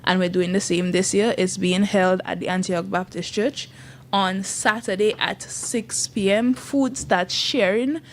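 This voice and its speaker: A woman's voice: medium pitch, fairly even intonation, a little slow, slight background noise. Upbeat woman on radio. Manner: chatty and upbeat, laughs easily. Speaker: youth group leader on a radio show. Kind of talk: casual radio chat promoting an event. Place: radio studio.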